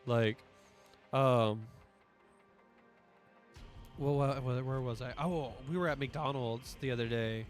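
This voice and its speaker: A man's voice: medium pitch, slow pace, long pauses, faint music behind. A man streaming, telling rambling, profane stories in casual chat, his voice a little strained from allergies.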